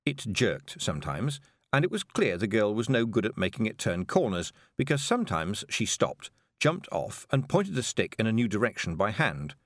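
A man reading a storybook aloud, expressive and lively. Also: fairly low pitch, normal speed, dry recording, studio quality. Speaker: audiobook narrator. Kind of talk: scripted storybook narration.

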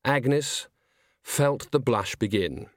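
A male voice of medium pitch narrates a scripted audiobook, telling the story in a measured and expressive manner. There's no room sound, and the quality is studio-grade.

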